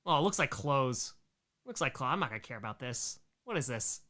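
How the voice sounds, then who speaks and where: A man hosting a live stream, reacting to his own home videos with excitable, self-mocking jokes. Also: medium pitch, brisk. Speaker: streamer host.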